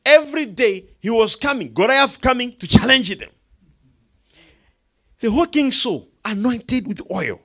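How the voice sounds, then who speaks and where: A man preaching a sermon, swinging between hushed asides and loud emphatic declarations, acting out the people in his stories. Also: sits high. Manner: quotes and acts out characters in the story, laughing.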